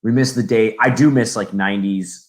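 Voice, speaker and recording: A man's voice: on the low side, moderate pace. A man co-hosting a podcast in casual chat, telling stories and acting out the people in them. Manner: chatty storyteller, acts out quotes. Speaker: podcast co-host.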